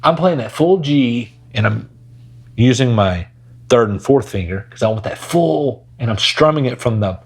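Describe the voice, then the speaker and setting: A man's voice: mid-range voice, animated, normal speed, breathy edge. A man teaching a casual guitar lesson in a laid-back way, talking while he plays. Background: his own acoustic guitar playing.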